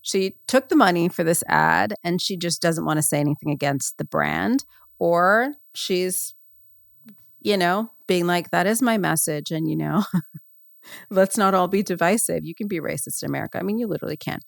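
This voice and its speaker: A woman's voice: lowish voice, normal speed, creaky, no echo, clean studio sound. A woman hosting a podcast in casual, comedic chat, rambling and sarcastic with lots of fillers. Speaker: podcast host.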